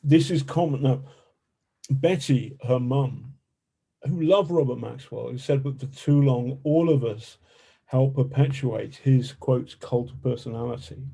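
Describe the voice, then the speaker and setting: Slow, dark-voiced journalist. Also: male voice, mid-range voice, vocal fry, slightly rough. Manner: halting, many fillers and restarts. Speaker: guest journalist. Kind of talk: podcast interview.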